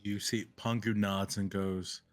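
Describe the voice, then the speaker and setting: A man playing a tabletop game, speaking in a slow, deliberate way. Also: fairly low pitch, flat delivery, faint music behind. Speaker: player. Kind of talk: casual tabletop play.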